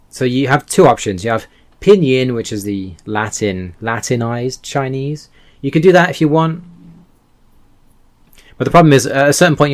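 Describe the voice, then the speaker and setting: Rambling male language vlogger. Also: medium pitch. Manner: rambling, self-correcting, self-deprecating. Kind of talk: casual talking-head vlog.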